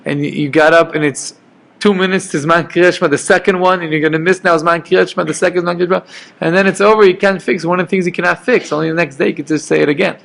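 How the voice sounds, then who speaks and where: Gravelly-voiced man teaching a Torah class. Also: high-pitched, steady tone, fast, fairly bright tone. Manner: conversational, checks in with "okay?" and "right?". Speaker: rabbi teaching Jewish law.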